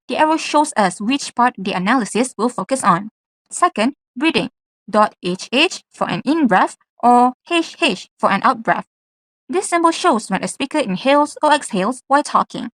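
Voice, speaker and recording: A woman's voice: on the high side, a bit bright, no room sound. A young woman from Malaysia, a university student, giving a class presentation and reading from slides. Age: young adult. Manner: reads from slides with acted example lines.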